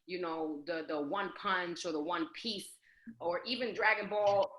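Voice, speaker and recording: Woman w a lowish but really bright voice, earnest, lots of room echo. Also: measured pace. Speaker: podcast co-host. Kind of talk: casual chat.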